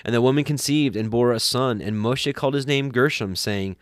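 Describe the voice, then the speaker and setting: A man reading scripture aloud at a steady pace, sometimes correcting himself. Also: mid-range voice, fairly quick, no room sound, clean studio sound. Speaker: scripture reader.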